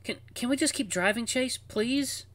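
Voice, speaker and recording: A man voicing a young anthropomorphic woman running away from home, sharp and defensive. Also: very high voice, moderate pace, voice pushed up. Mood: tense.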